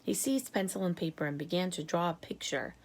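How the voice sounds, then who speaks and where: A woman, a teacher, reading a children's chapter book aloud with expressive storytelling. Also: lowish voice, fairly quick.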